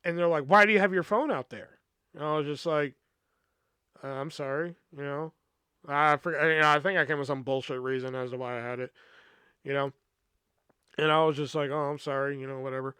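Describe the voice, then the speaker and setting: A casual man tells a long story on his podcast, his voice sitting a little high for a man. He swears freely and keeps dropping "you know" into a rambling delivery. The sound is close and dry, with no room around it. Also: steady tone, a little fast, pauses often, bright, forceful tone, clear, resonant tone, dry recording. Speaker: podcast host.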